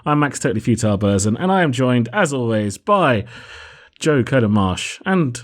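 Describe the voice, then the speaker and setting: Young guy hosting a gaming podcast, jokey and self-deprecating, average pitch. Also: big pitch swings, moderate pace. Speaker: podcast host. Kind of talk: casual podcast banter.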